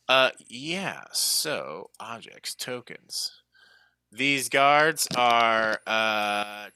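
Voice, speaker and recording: A man's voice: mid-range voice, bright, forceful tone, smooth, no echo. A man serving as game master, recapping the last session of a tabletop game with frequent fillers.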